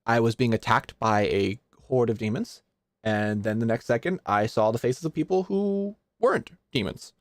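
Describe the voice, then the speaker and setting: A man's voice: mid-range voice, moderate pace, no echo, lightly acted. A man voicing an ancient woman warrior out of her time, recounting plainly with a slight accent. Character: ancient woman warrior waking in a new age.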